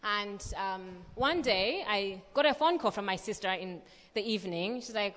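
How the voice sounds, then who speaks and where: A young woman reading scripture and then telling a lively personal story with many fillers at a church gathering. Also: mid-range voice, normal speed, few pauses. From Malawi. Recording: long reverb of a large hall.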